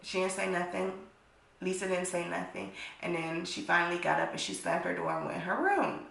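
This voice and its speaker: Gravelly woman telling a story. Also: fairly low pitch, expressive, fairly quick, a bit bright. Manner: blunt, profane storytelling that acts out quoted people. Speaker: vlogger. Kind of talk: storytime vlog. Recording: echoey room.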